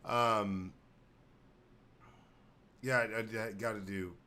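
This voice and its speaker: A man's voice: fairly low pitch, slow, a little hiss or hum. A man hosting a casual podcast chat, joking around and slipping into silly voices. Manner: animated, joking, slips into silly put-on voices. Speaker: podcast host.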